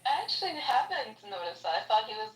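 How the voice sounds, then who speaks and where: A woman's voice: on the high side, very animated, fast. A woman co-hosting a podcast in casual chat, often laughing as she talks. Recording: echoey room, far from mic.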